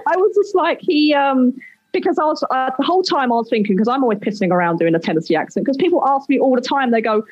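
Casual female guest, husky and animated, rambling self-deprecating chat, dry lo-fi recording. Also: high-pitched, quick pace, dry recording. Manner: self-deprecating, laughs often, rambling restarts. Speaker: podcast guest, streamer.

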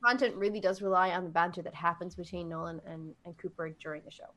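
A woman's voice: fairly low pitch, steady tone, fast talker, bright, forceful tone. A woman hosting a video game podcast in casual chat, bubbly and giggly with lots of fillers. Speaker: podcast host.

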